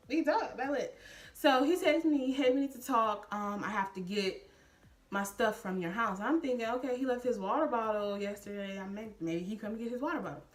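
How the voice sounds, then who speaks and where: A young woman in her twenties, speaking at a fairly high pitch, vlogs to camera as she casually tells a personal story. She's animated and talks directly to her viewers.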